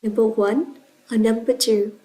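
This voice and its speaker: A woman with a Vietnamese accent teaching an English pronunciation lesson in a clear, instructive way, praising her students. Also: fairly high pitch, level tone, a little slow, warm tone, low-quality recording. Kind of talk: classroom lesson.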